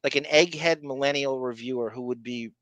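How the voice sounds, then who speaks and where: A male podcast host talking in a rambling, profane, excitable way. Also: medium pitch, fairly quick, no room sound. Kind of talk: casual podcast chat.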